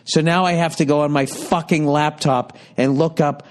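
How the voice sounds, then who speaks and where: A podcast host in his fifties speaks in a fairly high voice, steady in tone and moderate in pace. His storytelling monologue is comic, rambling, exasperated, and heavily profane.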